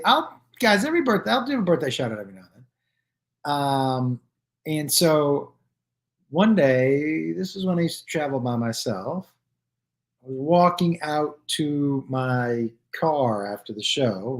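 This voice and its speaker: A man hosting his own live stream, telling stories casually to viewers and acting out the people in them with loose, profane, animated delivery. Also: medium pitch. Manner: animated, acts out quoted dialogue with "I go" and "he goes"; loose and profane, with restarts and fillers.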